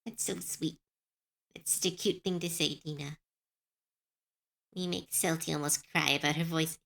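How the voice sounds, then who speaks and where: A woman streamer chatting casually on a live stream, musing softly and answering her chat. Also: fairly low pitch, normal speed, creaky, pauses often.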